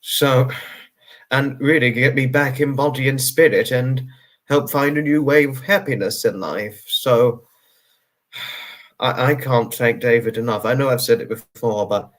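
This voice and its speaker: A man talks on his livestream at a middle pitch, sounding tired. He rambles earnestly through viewer comments, full of fillers and reassurance. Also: steady tone, a little slow. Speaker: livestream host. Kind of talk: casual livestream chat, answering viewer comments.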